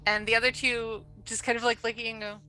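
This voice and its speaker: Woman DM, casual narration, bright tone. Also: fairly high pitch, level tone, fast, faint music behind, poor audio. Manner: casual, filler-heavy narration. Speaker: game master. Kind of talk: narrating a tabletop game.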